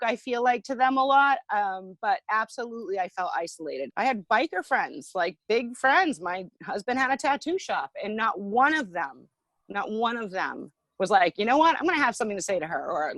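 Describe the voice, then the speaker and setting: A woman's voice: medium pitch, fairly bright tone, no echo, low-quality recording. A woman being interviewed, recounting a personal ordeal in an earnest way, with frequent fillers. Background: music.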